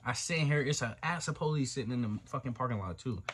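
A man's voice: mid-range voice, expressive, fast, noisy background. A young man telling a story on his channel in a loose, slangy, profane way, jumping into the voices of the people in it. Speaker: storytime vlogger. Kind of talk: casual storytime monologue.

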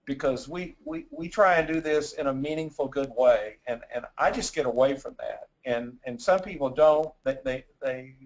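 A man's voice: mid-range voice, normal speed, hardly any pauses, muffled recording. A man giving a sales presentation in a webinar, stammering and repeating words as he gets wound up telling stories.

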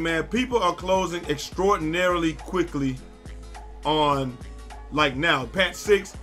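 A young man giving loud, excitable live commentary while playing a basketball video game, often yelling at his teammates. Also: fairly high pitch. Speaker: gaming YouTuber.

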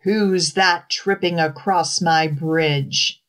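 A woman voicing a big, ugly troll who roars gruffly and menacingly from under a bridge. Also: deep voice, steady tone, drawn-out words. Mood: roaring.

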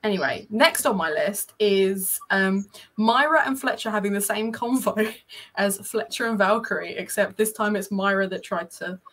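A woman hosting a casual chat over a video call, chatty and animated, laughing often. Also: medium pitch, normal speed. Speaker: podcast host.

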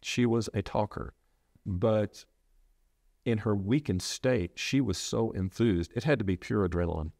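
A low-voiced middle-aged man speaks with earnest, halting sincerity, often stumbling and restarting mid-thought. He sounds like a preacher recounting something personal. The recording is dry and close, with no room sound. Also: a little mellow, no echo. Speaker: preacher sharing his loss. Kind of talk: reflective interview talk.

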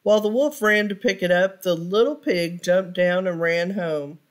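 A woman reading a children's picture book aloud for storytime, pausing to ask her listeners questions. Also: lowish voice.

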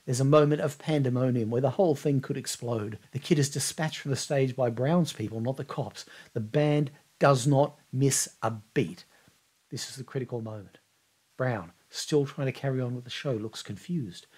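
A man at a middle, ordinary pitch tells a scripted history story with vivid, measured storytelling. He builds the tension and then steps back to a calmer, reflective tone, holding the line like a podcast host. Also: breathy edge.

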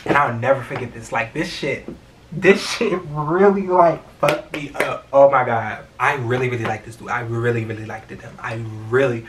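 A young man chats freely on camera, expressive and unfiltered, with constant fillers and swearing. He sits a little back from the mic. Faint room noise runs underneath. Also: medium pitch, moderate pace, distant mic. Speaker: vlogger. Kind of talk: casual storytime chat.

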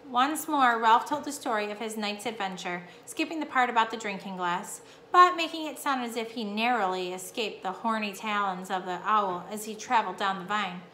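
Casting: female teacher reading a chapter book to her class, crisp bright voice, room echo. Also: medium pitch, normal speed, hardly any pauses. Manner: warm-up questions to the class, lively reading. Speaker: fourth-grade teacher. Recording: echoey room, faint hum.

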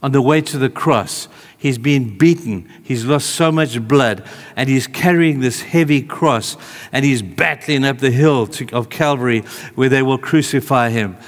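A man preaching a sermon in a church hall, conversational, moving between emphatic calls and hushed, tender asides. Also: mid-range voice, unhurried.

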